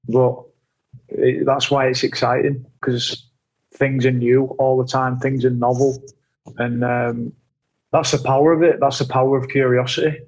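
A man's voice: medium pitch, vocal fry, poor audio. A man talking earnestly and reflectively in a casual conversation, often restarting his sentences. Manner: earnest, reflective, halting with repeats. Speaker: guest.

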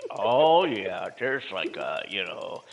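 A man co-hosting a casual talk show, speaking haltingly with many fillers and restarts and laughing often. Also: sits low, very animated, gravelly, low-quality recording. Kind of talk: casual chat.

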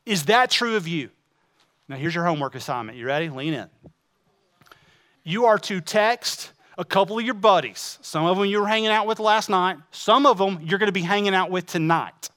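At a normal pace, a high-voiced pastor preaches a sermon, his tone bright as he poses rhetorical question after question. He shifts from loud, emphatic passages to hushed asides directed close to the congregation.

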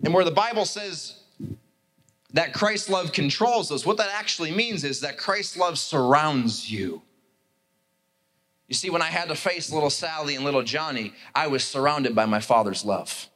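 A male pastor preaching with lively, animated energy, slipping into character voices as he tells a story. His voice sits a bit higher than most men's. He moves between storytelling and urging his listeners on. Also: normal speed. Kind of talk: sermon.

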